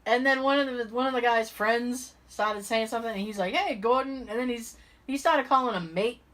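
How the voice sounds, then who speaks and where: A woman co-hosting a podcast in casual chat, telling stories in an animated way and swearing freely. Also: a little high, fairly quick. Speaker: podcast co-host.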